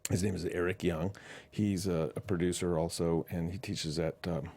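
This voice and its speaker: A middle-aged man, a film composer, being interviewed and telling animated anecdotes, acting out quoted voices with lots of fillers. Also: low-pitched, normal speed. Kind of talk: interview, casual storytelling.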